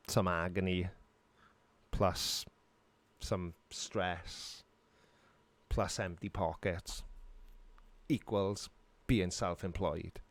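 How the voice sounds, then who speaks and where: A man's voice: lowish voice, darkish tone, no echo. A middle-aged man, casually answering viewers' questions on a live stream in a dry, sarcastic way. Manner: dry, sarcastic, self-mocking.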